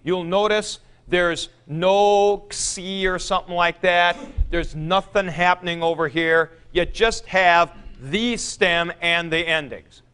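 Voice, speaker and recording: A man's voice: high-pitched, fairly even intonation, slow pace, hardly any pauses, bright, forceful tone, clean tone. A man teaching a Greek grammar class, chanting noun forms aloud and taking questions from students in the room. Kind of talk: classroom lecture.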